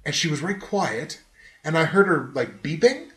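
A fairly high-voiced man tells a rambling story on a podcast, swearing freely and breaking into laughter. He's animated and casual, and the recording has a roomy echo around him. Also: moderate pace. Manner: animated, profane, laughs often while telling stories. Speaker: podcast host.

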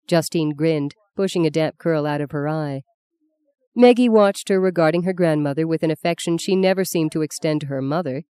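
A woman narrating a novel aloud in a calm, measured storytelling voice. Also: low-pitched, clean tone, dry recording. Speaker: audiobook narrator. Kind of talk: scripted narration.

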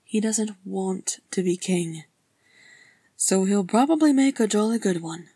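A woman voicing an elderly male hobbit with a cracked, wavering voice, gentle and wistful, in a storybook reading. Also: medium pitch, measured pace, husky, no echo, clean studio sound, pitched above the performer's own voice.

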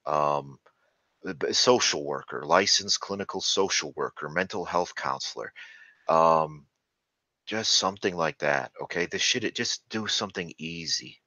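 A man's voice: low-pitched, a little slow, bright, forceful tone, no echo. A man ranting sarcastically and crudely, stumbling over fillers and restarts. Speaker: channel host. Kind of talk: ranting monologue. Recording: dull lo-fi recording.

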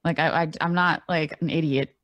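Casting: female player, lower voice, casual and blunt, dry recording. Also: steady tone, moderate pace, dry recording, lo-fi sound. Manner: casual, swearing, self-mocking. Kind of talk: casual tabletop play.

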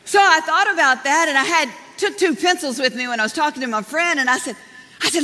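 Woman preacher, high voice, chatty and laughy, big echoey hall. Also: fast talker, pushed and bright, a faint crowd. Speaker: pastor. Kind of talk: sermon. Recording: long hall reverb.

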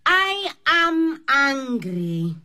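A woman's voice: high voice, big pitch swings, very slow, bright, forceful tone, full character voice. An actress playing a hesitant female hotel guest who is still learning English and searches for her words, in a scripted learning drama. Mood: earnest.

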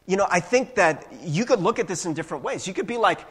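A male pastor preaching a casual, conversational sermon. He keeps tagging his points with "right?" and sometimes acts out quick little voices. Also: breathy edge. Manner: casual, animated preaching with frequent "right?" tags; acts out voices with big pitch jumps.

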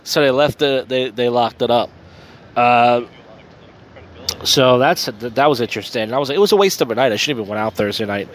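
Man, podcast host, tipsy, casual rambling, crude humor, lots of fillers, middle pitch, faint background noise. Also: a little fast. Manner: crude, meandering storytelling full of fillers. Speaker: podcast host and open mic host.

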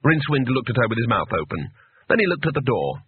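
A man narrating a story in an expressive, lively storytelling manner, over a tinny lo-fi line. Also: medium pitch, fast, slightly rough. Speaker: audiobook narrator. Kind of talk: scripted narration. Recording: tinny phone-like lo-fi sound.

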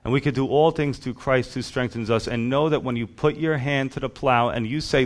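A man's voice: medium pitch, fairly quick, few pauses. A man preaching a sermon as a pastor, emphatic, with rhythmic lists.

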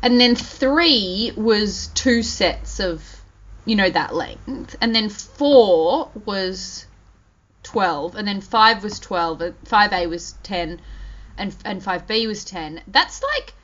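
A woman's voice: medium pitch, slow pace. Chatty woman on a lo-fi recording. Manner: chatty, animated, many fillers and restarts. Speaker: podcast co-host. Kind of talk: casual chat. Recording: dull lo-fi audio.

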